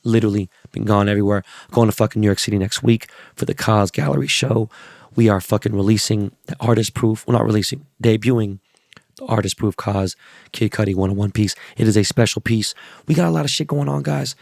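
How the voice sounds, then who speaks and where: Middle-aged male podcast host, hoarse and gravelly, loose profane delivery, dry close sound. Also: lowish voice, fairly even intonation, a little fast, no room sound. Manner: loose, profane, hyped plugs and shout-outs. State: hoarse, losing his voice. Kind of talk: casual solo podcast chat.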